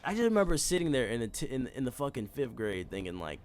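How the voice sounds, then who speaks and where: A man's voice: medium pitch, huge pitch swings, fast, hardly any pauses, darkish tone, slight background noise. A young man telling a comedic story in a casual, profane way, laughing often and mimicking voices.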